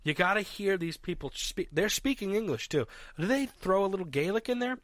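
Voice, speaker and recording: Animated man chatting casually. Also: high-pitched, fairly quick, no room sound, clean studio sound. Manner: hesitant, laughs often, full of fillers. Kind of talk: casual chat.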